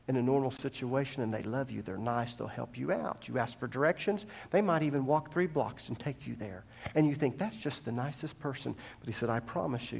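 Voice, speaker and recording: A male preacher delivering a sermon. He goes from quiet teaching to loud, impassioned preaching and asks the congregation questions. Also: mid-range voice, vocal fry, slightly rough.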